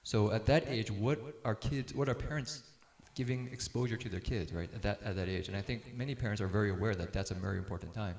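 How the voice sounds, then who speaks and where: A man's voice: on the low side, quick pace, vocal fry, few pauses, a little mellow, roomy sound. A middle-aged man speaking casually to a group about parenting, telling stories and laughing easily as he acts out quotes.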